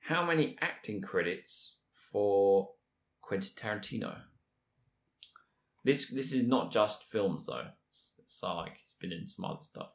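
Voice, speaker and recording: A man co-hosting a casual quiz chat, talking in a relaxed, rambling way. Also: on the low side, a little slow, vocal fry. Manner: relaxed, rambling, restarts sentences often. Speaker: quiz co-host. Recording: roomy echoey room.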